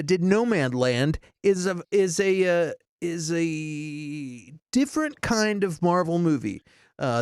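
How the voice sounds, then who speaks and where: A man with a high, very lively voice co-hosts a casual movie chat. He jokes around and rambles through lots of fillers. The sound is dry and close. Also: dry recording. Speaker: podcast co-host.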